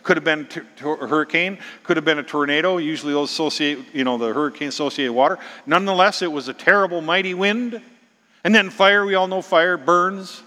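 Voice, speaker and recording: A middle-aged man preaching a sermon as a pastor, dramatic, dropping to whispers and rising to loud exclamations. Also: on the high side, a little fast, big-room sound.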